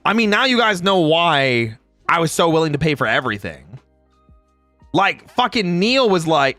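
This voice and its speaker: A man's voice: a little high, sing-song, normal speed, pushed and bright, dry recording, soft background music. A man chatting casually on a livestream, ranting with lots of swearing and frequent laughter. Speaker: streamer.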